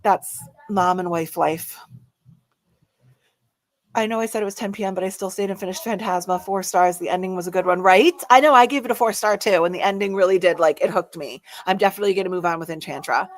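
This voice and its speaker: A bubbly woman in her thirties hosts a livestream from home. She reads out viewer comments and chats back in an eager, friendly voice at a middle pitch. Her sound is close and dry. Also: fairly quick, no echo. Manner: bubbly, chatty, thanks viewers warmly. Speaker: livestream host. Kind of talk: casual live chat reading comments.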